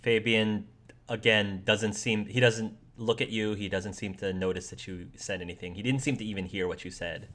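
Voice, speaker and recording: A man running a tabletop game with a lowish voice, narrating what characters do in a loose, conversational way. He often restarts his sentences as he describes the scene. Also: fairly even intonation, moderate pace, fairly bright tone. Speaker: game master.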